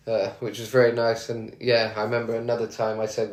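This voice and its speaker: A man's voice: mid-range voice, little pitch movement, moderate pace, a little mellow. A man hosting a radio show and telling rambling, chatty stories with lots of fillers and restarts. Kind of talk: casual anecdotal storytelling. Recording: roomy echo.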